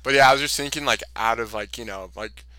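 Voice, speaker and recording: A man's voice: medium pitch, quick pace, sharp tone, clear, resonant tone, no echo. A young man in casual chat, reacting with laughs and exclamations.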